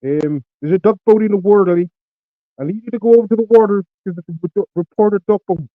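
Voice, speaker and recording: A British man putting on a loud Philly-accented guy. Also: high voice, quick pace, no echo, voice pushed up, lightly acted. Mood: goofy. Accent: Philadelphia, put on. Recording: tinny phone-line call.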